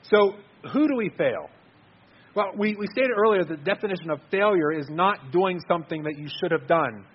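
A man's voice: high-pitched, lively intonation, normal speed, slightly rough, muffled recording. A man giving an earnest, conversational sermon, repeating words as he stresses his points. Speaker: preacher.

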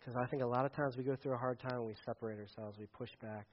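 A man preaching a sermon, animated, acting out quoted voices and swinging between loud and hushed delivery. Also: fairly low pitch, fast talker, hardly any pauses, a little hiss or hum. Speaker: pastor. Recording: dull lo-fi sound.

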